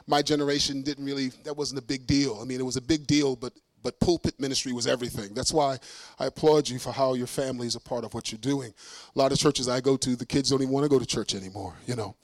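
A man's voice: mid-range voice, fast talker, dry recording. A middle-aged man from Brooklyn, a traveling preacher telling funny stories in a sermon and acting out voices. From Brooklyn, New York. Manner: animated, acts out voices, laughs often. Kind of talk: humorous sermon storytelling.

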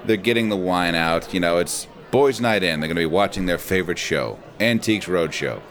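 A man's voice: sits low, animated, fairly quick, a bit bright. A man co-hosting a podcast in casual chat, swearing freely and laughing often. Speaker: podcast co-host.

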